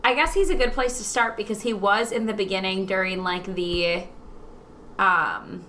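A woman's voice: medium pitch, moderate pace, sharp tone, slight background noise. A young woman co-hosting a podcast in casual, giggly chat full of fillers. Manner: giggly, chatty, lots of fillers. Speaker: podcast co-host.

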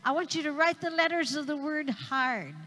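A woman's voice: sits high, moderate pace, pushed and bright. A woman missionary evangelist preaching a sermon, emphatic and repeating key phrases for the congregation. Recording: long hall reverb.

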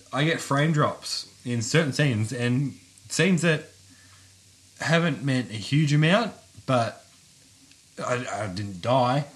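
A man's voice: mid-range voice, fairly bright tone. Man, casual podcast co-host, easygoing and sweary. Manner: laid-back, swears freely, repeats himself. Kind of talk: casual chat.

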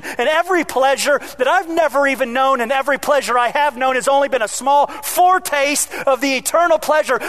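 A pastor preaching a sermon, animated, swinging between loud emphasis and quiet asides, with joking remarks to the congregation. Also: male voice, very high voice.

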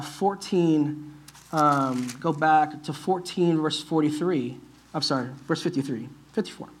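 A male pastor delivers a sermon with a fairly high voice. He keeps it conversational, often checking in with his listeners and speaking to them directly. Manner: conversational, asks the church "right?".

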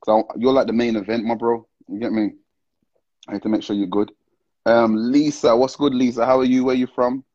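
A man's voice: medium pitch, little pitch movement, brisk, a little mellow, dry recording, lo-fi sound. A man hosting a casual live stream, full of slang and greeting viewers one after another. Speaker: livestream host.

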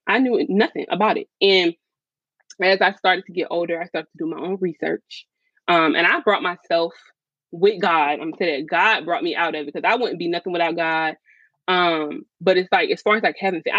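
A woman's voice: fairly low pitch, a bit bright, dry recording. A woman guest on a podcast interview, telling her own story frankly in casual talk full of fillers. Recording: slightly dull, dry sound.

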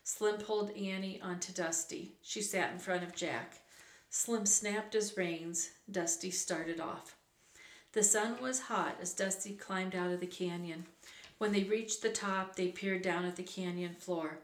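A woman reading a children's book aloud, unhurried, now and then correcting a slip. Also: lowish voice, steady tone. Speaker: reader. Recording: roomy echo.

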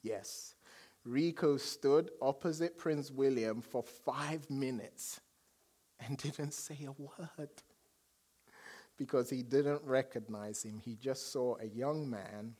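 A man preaching a sermon as a pastor, telling stories with dramatic swings from loud declarations to hushed asides. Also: mid-range voice, takes it slowly.

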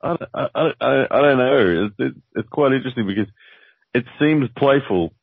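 Aussie guy, low husky voice, stops and restarts a lot, sounds like a phone line. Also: lively intonation, no room sound. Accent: Australian. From Australia. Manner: thoughtful, halting, repeats words. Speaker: podcast co-host. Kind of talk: casual podcast chat. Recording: tinny dry phone-like line.

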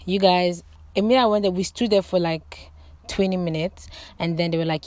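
A young woman in her twenties vlogging, telling a story to her viewers in a dramatic, animated way, with loud exclamations and casual swearing. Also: on the low side, moderate pace, no room sound.

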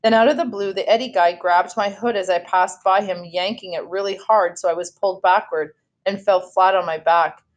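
A woman reading a children's novel aloud in a steady storytelling voice, now and then correcting herself. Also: mid-range voice, moderate pace, highs cut off. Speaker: read-aloud host.

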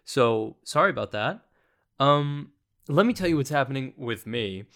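A man's voice: mid-range voice, expressive, moderate pace, fairly bright tone. Rambling sarcastic young man podcaster. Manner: sarcastic, self-deprecating, rambling storyteller. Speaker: podcast host. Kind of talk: casual solo podcast rambling.

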